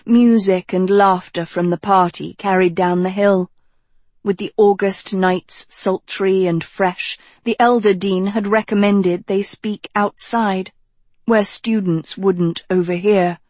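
A woman narrating a storybook at a slow, measured pace in a middle-pitched voice. She is recorded close and dry, with no room sound. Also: steady tone, darkish tone, no room sound. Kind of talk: audiobook narration.

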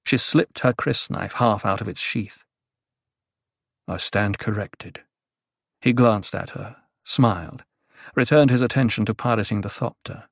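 A man narrating a novel in steady, even scripted storytelling. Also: medium pitch, normal speed, creaky, no echo, studio quality. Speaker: audiobook narrator.

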